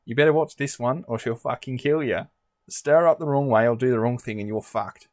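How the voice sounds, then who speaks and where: A man voicing a rough, offhand Australian husband in a put-on Australian accent on a comedy podcast. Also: medium pitch, a little fast, no echo, natural voice. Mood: blunt.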